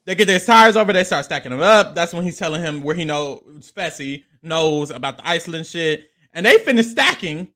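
A man co-hosting a casual reality-show recap, playful and animated, acting out people's lines. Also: fairly high pitch, brisk, few pauses.

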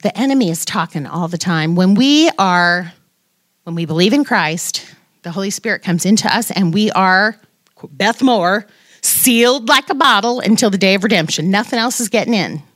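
A woman's voice: mid-range voice, expressive, normal speed, fairly bright tone, no echo. Woman, devotional talk, chatty, self-deprecating, playful asides, dry close-miked. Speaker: women's Bible study speaker.

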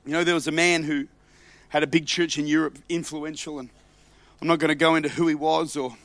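High, bright-voiced passionate preacher man. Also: little pitch movement, a little fast, no echo. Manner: passionate, swings between loud shouts and quiet asides, repeats words. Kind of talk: sermon.

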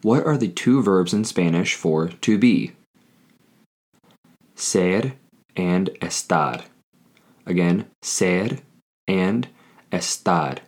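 A man hosting a scripted Spanish lesson, speaking deliberately and repeating each phrase for learners. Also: sits low, breathy edge. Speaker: Spanish teacher.

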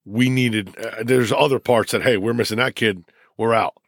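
A middle-aged man, a high school football coach, telling stories emotionally in a casual interview, with many restarts and repeats. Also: normal speed, no room sound, studio quality.

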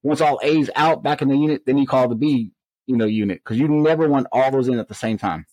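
A middle-aged man, a correctional officer, telling his story as an animated interview guest. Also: medium pitch, fairly quick, no echo, low-quality recording. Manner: animated storyteller who acts out quoted exchanges.

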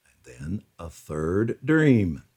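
A man reading a prayer account aloud in a slow, earnest devotional style, lifting his voice on quoted lines. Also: sits low, very animated, a little mellow, breathy edge.

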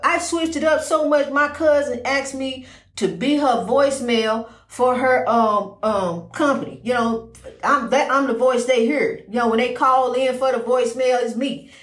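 This is a podcast host, a woman with a high voice speaking at normal speed in a reverberant space. Her inspirational talk is casual, folksy and rambling, with plenty of "you know" as she offers faith-based encouragement.

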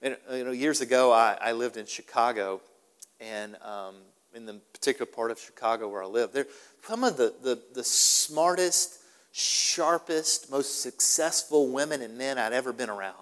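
A man's voice: mid-range voice, moderate pace, clean tone. Emphatic male pastor in a reverberant hall. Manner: animated, repetitive, emphatic. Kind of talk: sermon.

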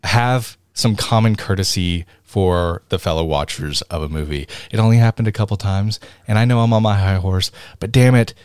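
A man's voice: fairly low pitch, no echo, studio quality. A man co-hosting a podcast, talking in an emphatic, ranting casual chat. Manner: emphatic, ranting, jumps between loud and soft. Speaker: podcast co-host.

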